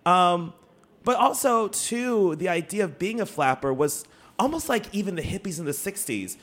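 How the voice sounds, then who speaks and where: A man co-hosting a casual podcast chat, animated and swearing, with lots of fillers and laughs. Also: high voice, normal speed. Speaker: podcast co-host.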